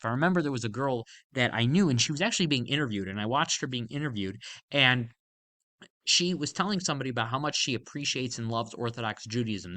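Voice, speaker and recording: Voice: mid-range voice, fairly bright tone. A Torah teacher giving an emphatic, explanatory lesson on a verse, with casual fillers along the way.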